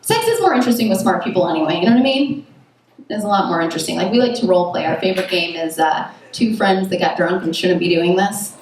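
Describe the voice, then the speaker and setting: A woman's voice: fairly low pitch, animated, fast talker, darkish tone. A young woman performing a stand-up comedy set, chatty and self-mocking, full of "like" and "you know what I mean". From United States. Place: comedy club stage at a festival. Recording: very echoey distant room recording with noise. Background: audience laughter.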